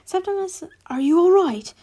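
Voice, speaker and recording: A woman's voice: on the high side, slow pace. A woman reading the lines of a stern, middle-aged male wizard professor and father in a casual fan-fiction read-aloud, with little change from her own voice.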